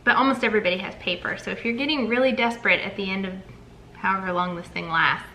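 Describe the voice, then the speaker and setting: Chatty young woman, bright crisp voice, upbeat casual chat with her husband. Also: mid-range voice, steady tone, fast, slight background noise, low-quality recording. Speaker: co-host.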